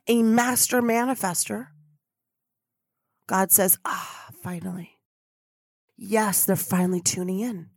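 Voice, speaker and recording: On her spiritual motivation podcast, a woman with a slightly high voice talks in an effusive, preachy way and leads chanted affirmations. The recording is dry with clean studio sound.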